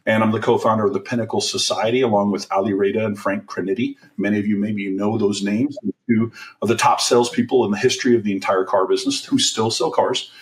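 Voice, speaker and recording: A man in his forties, a car sales trainer, telling his career story as a podcast guest in a candid, energetic way with many fillers. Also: fairly low pitch, distant mic. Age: 40s.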